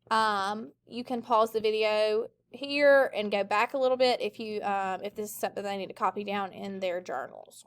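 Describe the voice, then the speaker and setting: A female teacher with a fairly high voice leads a recorded phonics lesson. She sounds out words clearly in call-and-response drills for the class.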